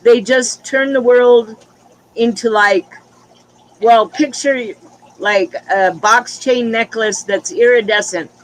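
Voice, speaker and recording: Man with a high voice, frank casual chatter, exasperated storyteller. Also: slow, a bit bright, a little hiss or hum, low-quality recording. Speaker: livestream chat participant. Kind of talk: casual group chat.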